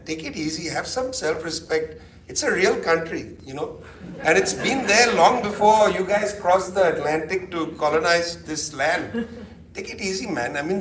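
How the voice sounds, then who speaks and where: A middle-aged man with a high voice gives a keynote in an echoey lecture hall, recorded from a distant mic with a little hiss or hum. His talk is loose and conversational, animated, sardonic and peppered with asides.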